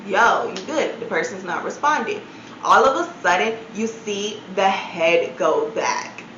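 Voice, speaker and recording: Unhurried and lively in intonation, a woman at mid pitch with a fairly bright tone tells a chatty storytime tale, packed with "like" and disbelieving asides. The room is echoey, and her modest mic sounds slightly dull, with faint hiss or hum.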